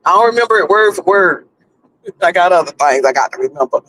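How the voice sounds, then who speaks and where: High-voiced North Carolina man, rambling. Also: expressive, fast talker, bright, forceful tone, poor audio. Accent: North Carolina Southern. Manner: rambling, chatty, many restarts. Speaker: livestream host. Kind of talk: casual commentary while driving. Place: in a car.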